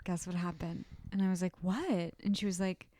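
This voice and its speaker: A woman's voice: fairly low pitch, fairly even intonation, normal speed, warm tone, dry recording, studio quality. A young woman co-hosting a podcast in casual chat, adding details and correcting the other teller. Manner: chatty, adds detail, cuts in to correct. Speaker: podcast co-host.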